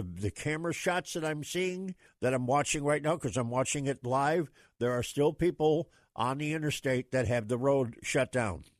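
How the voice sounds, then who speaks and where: A man's voice: a little high, no echo, studio quality. A man hosting a late-night talk radio show for truckers, talking in a folksy, rambling way with plenty of fillers.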